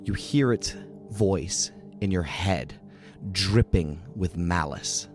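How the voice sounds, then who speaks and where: A man narrating a tabletop role-playing game as dungeon master, describing scenes in a lively way. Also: deep voice, slow, over music.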